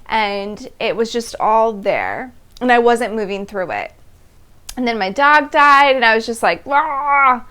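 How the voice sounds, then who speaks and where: A woman in her thirties hosting a personal storytelling monologue, animated and laughing between phrases as she acts out her past reactions. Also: fairly high pitch, a little slow, clean tone. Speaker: host.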